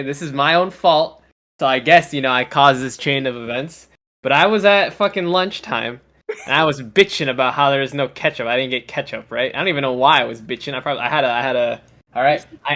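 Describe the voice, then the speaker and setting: A man's voice: fairly high pitch, sharp tone. A young man co-hosting a podcast, telling a story in casual chat with constant swearing. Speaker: podcast co-host.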